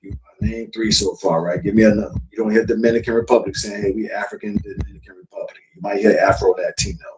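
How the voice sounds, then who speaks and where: A man's voice: on the low side, steady tone, fast talker, hardly any pauses, a little mellow. A man from South Florida hosting a casual livestream talk, lecturing bluntly and with profanity to his chat. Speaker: podcast host. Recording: echoey room with faint noise.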